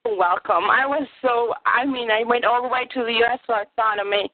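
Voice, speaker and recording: A woman from Germany with a German accent, calling in excitedly and giggling between sentences. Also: a little high, brisk, no room sound. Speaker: caller. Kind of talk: phone call-in chat. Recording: tinny phone line.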